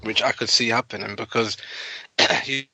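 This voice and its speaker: A man's voice: medium pitch, fairly even intonation, normal speed, bright, forceful tone, slightly rough, no room sound, poor audio. A man co-hosting a casual podcast chat, blunt and mocking, often laughing. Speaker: podcast co-host.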